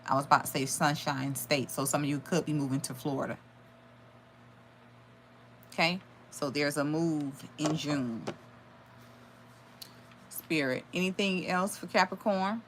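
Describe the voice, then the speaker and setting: A woman's voice: low voice, measured pace, pauses often, fairly bright tone, a little hiss or hum. A woman giving a live tarot reading, channeling messages aloud with sudden exclamations and blunt swearing. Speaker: tarot reader.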